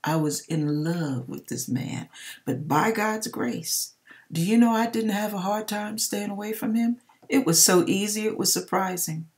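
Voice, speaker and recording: A woman giving a personal faith testimony, telling her story in an emphatic, expressive way with churchy exclamations. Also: mid-range voice, unhurried. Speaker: hairdresser sharing a personal testimony.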